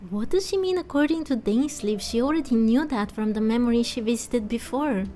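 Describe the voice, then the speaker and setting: A woman's voice: a little high, expressive, brisk, dark tone, a little hiss or hum. A woman chatting casually while playing, reacting and asking questions about the story. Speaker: gameplay commentator. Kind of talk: casual game commentary.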